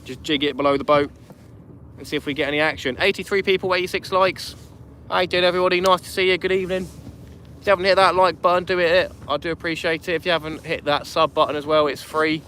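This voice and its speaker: A fishing channel host, he has a slightly high voice that sounds pushed and bright, with a steady tone and quick pace. He chats and greets viewers by name on a nighttime live stream from a small inflatable boat, and wind and water noise come through on the open boat.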